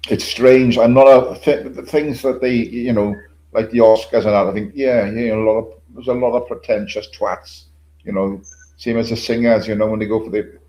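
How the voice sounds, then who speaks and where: A man's voice: lowish voice, steady tone, normal speed, warm tone, poor audio. Man chatting on a livestream. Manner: rambling, swears often, chuckles between remarks. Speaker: livestream host. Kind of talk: casual chat reading live comments.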